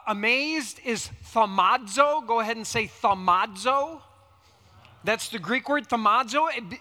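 A man preaching a sermon, teaching in an unhurried, conversational way and reading scripture dramatically. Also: very high voice, pushed and bright. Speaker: pastor. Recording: long hall reverb.

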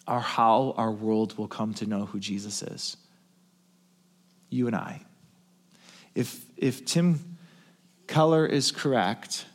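A male pastor preaching, telling a story in a hushed, tender voice and then building to emphatic calls. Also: medium pitch, creaky. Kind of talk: sermon storytelling.

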